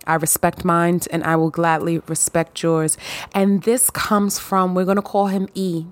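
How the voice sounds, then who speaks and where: A woman's voice: on the low side, flat delivery, dry recording. A woman hosting her own podcast in a casual monologue, playful and sassy, drawing out her words and dropping in little hums of agreement. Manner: playful, giddy, sassy, with drawn-out affirmations. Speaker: podcast host.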